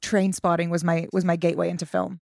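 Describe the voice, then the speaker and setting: A woman's voice: on the low side, gravelly, no room sound. Chatty young woman, dry close sound. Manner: animated, quick to laugh, frequent fillers. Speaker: podcast guest. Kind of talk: casual chat.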